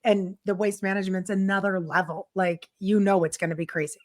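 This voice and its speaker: A woman on a casual golf podcast, lively and quick to laugh, retelling anecdotes with quoted lines. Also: medium pitch.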